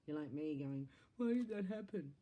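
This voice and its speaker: A woman giving a spiritual reading to camera, chatty and animated, with laughs and sudden exclamations. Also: low voice, moderate pace. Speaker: psychic tarot reader.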